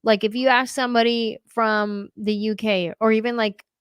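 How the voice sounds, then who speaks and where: Brief: woman show host, upbeat and jokey, voice sits a bit high. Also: flat delivery, moderate pace, smooth, no echo. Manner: bubbly, laughing, playful. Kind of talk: live-streamed interview chat.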